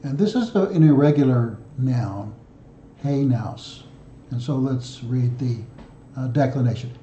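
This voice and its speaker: A man works through his language homework out loud, reciting word endings in a slow, methodical drill. His voice is deep and mellow. The recording sounds roomy and a little muffled. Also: lively intonation, a little hiss or hum. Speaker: founder of a study group, self-taught student. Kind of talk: solo study video, reading declensions aloud.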